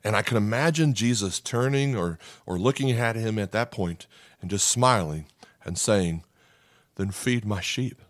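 A man's voice: fairly low pitch, expressive, normal speed, no room sound. A man preaching a sermon in an earnest way, repeating key lines and acting out quoted prayers. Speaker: pastor.

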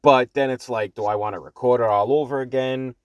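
A man's voice: medium pitch, fairly even intonation, a little fast, no room sound, studio quality. A man with a thick Boston accent hosting a solo podcast off the cuff from his parked car, rambling with lots of fillers and blunt swearing, recorded on an earbud mic. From Boston, Massachusetts. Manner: rambling, many fillers and restarts, blunt and profane. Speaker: podcast host.

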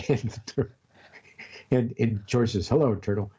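An older man chats casually over a call, drifting through a long story with restarts and repeated words. His voice sits at an ordinary pitch. The sound is dull and lo-fi. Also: fairly even intonation, dark tone, breathy edge. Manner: rambling, storytelling with halting restarts. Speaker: grandfather telling a story.

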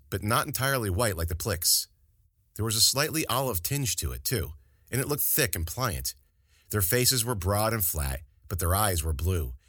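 A man narrating a fantasy story as an audiobook in an expressive, dramatic reading. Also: sits low, no room sound, clean studio sound.

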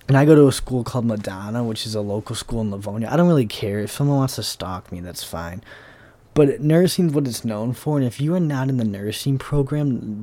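A man's voice: mid-range voice, dark tone. A young man, hosting a podcast as a casual solo monologue, rambling, sarcastic and swearing freely. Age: young adult. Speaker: podcast host.

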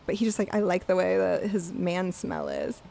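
A woman's voice: fairly low pitch, wildly swooping pitch, normal speed, creaky, dark tone, slight background noise. A young woman co-hosting a podcast, telling frank, gushing stories in casual chat with lots of fillers. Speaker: podcast co-host.

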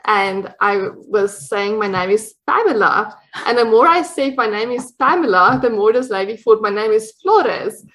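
A woman's voice: on the high side, expressive, moderate pace, hardly any pauses, a bit bright, rough recording. A woman with a South African accent, chatting as an interview guest, laughing often and restarting her sentences. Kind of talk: casual conversation.

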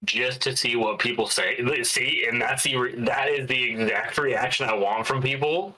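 A man riffing with crude humor during a casual podcast conversation. His voice rings bright and forceful, pitched right in the middle. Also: fairly even intonation, normal speed, low-quality recording. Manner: jokey and profane.

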